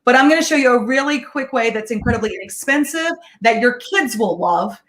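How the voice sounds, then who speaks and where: Chatty, higher-voiced woman. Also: expressive, a bit bright. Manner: chatty, upbeat, quick-talking, laughs often. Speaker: guest home cook sharing meal tips. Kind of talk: casual live-stream cooking demo. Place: home kitchen.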